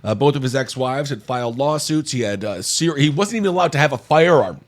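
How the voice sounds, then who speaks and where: A man's voice: mid-range voice, lively intonation, a little fast. A man hosting a political commentary podcast, blunt, indignant and profane. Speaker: podcast host.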